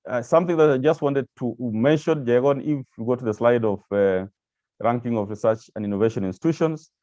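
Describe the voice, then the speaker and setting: A man's voice: mid-range voice, a little fast, dark tone, dry recording, muffled recording. A man giving a presentation with slides to staff of agencies, speaking hesitantly with many repeated words and fillers. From Kenya.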